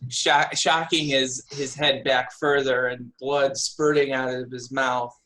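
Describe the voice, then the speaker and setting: Slow, bright-voiced male game master. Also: medium pitch, little pitch movement, poor audio. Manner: unhurried, filler-heavy narration. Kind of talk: narrating a tabletop game.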